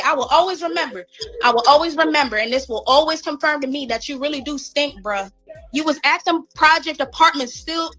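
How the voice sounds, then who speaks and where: A woman's voice: high-pitched, a bit bright, rough recording. A woman from Northern Virginia giving casual gossip commentary, blunt and mocking, repeating phrases for emphasis. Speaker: commentary streamer.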